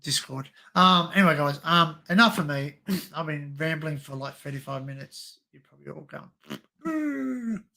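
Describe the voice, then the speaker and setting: A man's voice: a little high, fairly even intonation, moderate pace, bright, forceful tone. A middle-aged Australian man hosting a casual livestream chat, rambling with lots of fillers and restarts. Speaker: livestream host.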